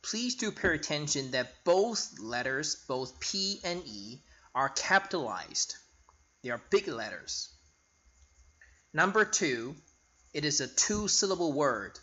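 A man teaching an English spelling lesson, spelling out letters slowly and repeating each word for the learner. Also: fairly high pitch, muffled recording. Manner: bright, lively teaching voice.

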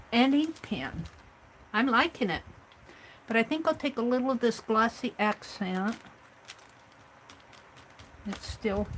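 A woman's voice: mid-range voice, slight background noise, poor audio. A woman hosting a craft livestream, chatting casually and thinking aloud as she works on an art journal.

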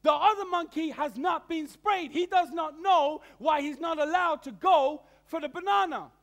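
A man's voice: very high voice, fairly bright tone. A man preaching a sermon, telling a story animatedly with stammered repeats of words.

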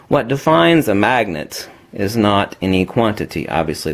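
A man giving an unscripted, emphatic talk while demonstrating magnets, addressing viewers as kiddies. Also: mid-range voice.

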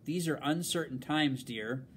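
A man's voice: on the high side, a little slow, slight background noise, lightly acted. A man reading aloud and voicing an impatient, wealthy colonial husband who speaks curtly.

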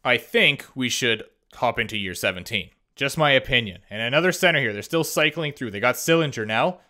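A young man with a bright, forward voice talks through a hockey game simulation in a casual commentary style. He is excitable and quick to react, often breaking into little laughs and surprised exclamations as he reads the numbers. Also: mid-range voice. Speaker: gaming YouTuber.

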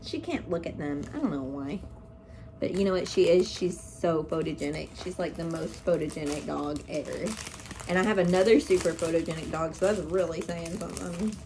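A woman's voice: fairly low pitch, brisk, darkish tone. A woman talking casually to her viewers in an unboxing vlog at home, gushing and exclamatory as she goes. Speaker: plant vlogger. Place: living room at home. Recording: noisy, crinkling packaging behind.

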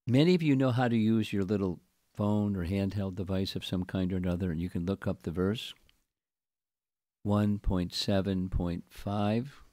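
An older man with a lowish voice teaches a scripture class, reading a long commentary slowly and with care. The sound is close and dry, with little room around it. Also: steady tone, warm tone, no room sound. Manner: slow, deliberate reading with chanted verse recitation.

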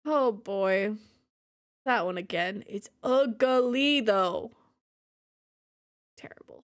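A woman's voice: medium pitch, extremely slow, pauses often. A woman streaming a game, chatting casually with her viewers, giggling and cracking crude jokes. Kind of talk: casual livestream chat while playing.

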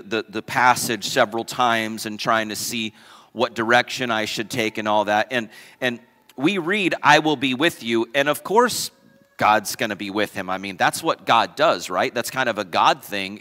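Bright-voiced pastor preaching in a reverberant hall. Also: male voice, medium pitch, normal speed. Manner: emphatic, repeats key phrases and asks the congregation questions. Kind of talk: sermon. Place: church sanctuary.

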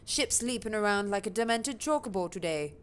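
A woman with a mid-range, lively voice gives a lightly acted, folksy reading as a chatty male ship peddler. She reads the lines aloud in a halting, shaky put-on British accent.

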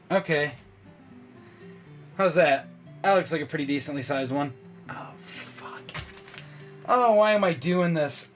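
A man talking casually to his camera as a vlogger, loose and profane, poking fun at himself. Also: fairly high pitch. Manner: casual, profane, self-mocking. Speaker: YouTuber.

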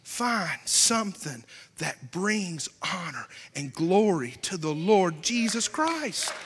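A young man with a Southern American accent preaching a sermon with passion, going from shouts down to a hushed near-whisper. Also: high-pitched, big pitch swings, slow pace, husky. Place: church. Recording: long church hall reverb.

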